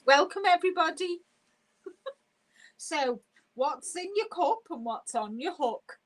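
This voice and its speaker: A woman hosting a casual live stream, chatty and quick to laugh as she reads viewer comments aloud. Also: sits high, lively intonation, a little mellow, poor audio.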